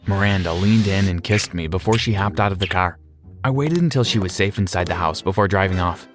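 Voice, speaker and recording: A man narrating a scripted story in a steady, measured reading voice. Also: sits low. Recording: music behind.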